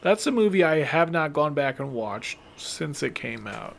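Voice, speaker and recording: A man's voice: on the high side, very animated, moderate pace, vocal fry, fairly bright tone, slight background noise. A man in his forties chatting casually as a podcast co-host, laughing often and trailing off mid-sentence. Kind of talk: casual chat.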